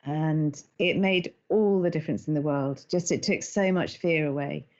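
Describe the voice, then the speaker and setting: A middle-aged woman, an animated storyteller who laughs often as a podcast guest. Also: low-pitched, normal speed, dull audio. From England. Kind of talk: conversational interview.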